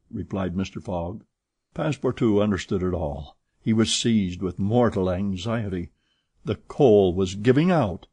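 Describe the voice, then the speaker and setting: Husky-voiced male audiobook narrator. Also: sits low, dry recording. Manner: steady, measured reading.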